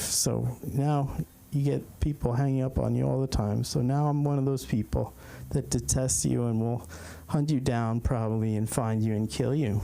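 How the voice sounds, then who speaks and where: Mellow-voiced man doing stand-up. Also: medium pitch, fairly even intonation, creaky. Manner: halting, repeats words while telling a story. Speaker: stand-up comic. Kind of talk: stand-up comedy.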